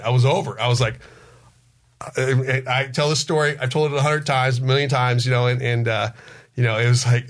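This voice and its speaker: A man's voice: mid-range voice, a bit bright. A man in his forties telling family stories in a casual chat. He rambles, restarts his sentences, and acts out what his family members said. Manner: rambling, halting storyteller who restarts sentences.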